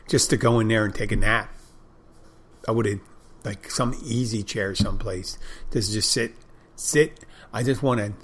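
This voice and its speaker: A middle-aged man hosting a podcast, telling a rambling, profane story in a casual monologue with frequent restarts. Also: fairly low pitch. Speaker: podcast host.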